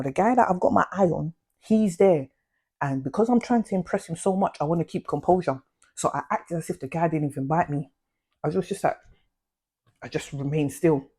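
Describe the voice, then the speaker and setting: A young woman, talking straight to her viewers in a casual, animated storytime full of slang. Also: on the low side, breathy edge. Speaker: vlogger.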